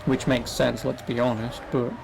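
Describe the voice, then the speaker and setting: A man's voice: medium pitch, little pitch movement, moderate pace, vocal fry, background noise. A young man streaming a racing game, rambling chattily through casual commentary and swearing offhandedly.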